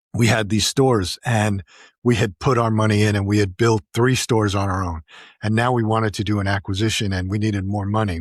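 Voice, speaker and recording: A man hosting a podcast, casually telling an animated anecdote with frequent restarts. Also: lowish voice, no echo, clean studio sound. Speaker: podcast host. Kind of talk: casual storytelling.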